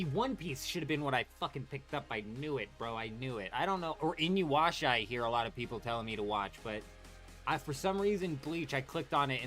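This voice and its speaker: A young man hosting a live game stream, chatting casually with viewers, animated and full of swearing. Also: mid-range voice. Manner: animated, swears a lot, talks to chat by name. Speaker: livestream host.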